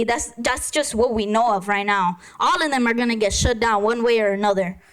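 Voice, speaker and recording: A woman with a high voice delivers a furious public comment at a meeting. She swears freely and talks in confrontational bursts into a podium microphone. The sound is of a public meeting chamber. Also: clear, resonant tone, poor audio. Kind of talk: angry public comment speech.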